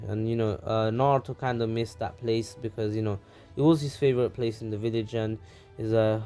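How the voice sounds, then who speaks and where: A man's voice: lowish voice, steady tone, brisk, warm tone, clear, resonant tone, faint music behind. A man casually narrating a fan story, rambling with many fillers.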